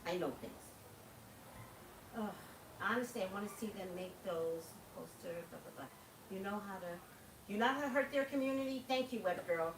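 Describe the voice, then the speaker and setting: A woman's voice: mid-range voice, moderate pace, echoey room, far from the mic, background noise. A woman hosting a livestream, talking casually and passionately to her viewers, laughing often. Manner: impassioned, preachy, laughs often. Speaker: livestream host.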